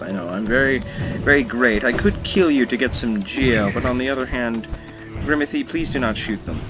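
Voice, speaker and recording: Playful male gamer over game music. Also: on the low side. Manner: playful, scolds his in-game companion jokingly. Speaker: gamer commentator. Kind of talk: let's play commentary. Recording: loud game music behind voice. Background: video game music.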